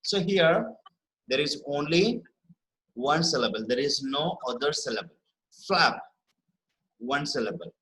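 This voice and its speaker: A man teaching a spelling lesson online, explaining rules patiently and often checking in with "right?" and repeating key words slowly. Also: a little high, expressive, pushed and bright, poor audio. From India.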